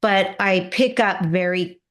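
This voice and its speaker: A woman guest in an interview, telling stories in a lively, animated way and acting out what people said. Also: mid-range voice, slow pace. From Spanish-speaking family. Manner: lively, animated, acts out quoted exchanges. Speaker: interview guest, business coach. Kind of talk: casual storytelling.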